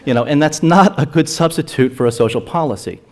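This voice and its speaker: A man's voice: a little high, brisk. Earnest man arguing drug policy at a forum. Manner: earnest, argumentative, repeats words when restarting. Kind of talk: forum talk. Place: lecture hall.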